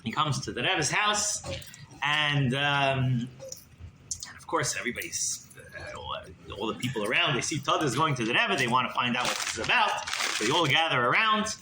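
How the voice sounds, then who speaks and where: Animated rabbi telling a story. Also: male voice, mid-range voice, normal speed. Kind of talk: storytelling sermon. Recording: roomy hall with background noise.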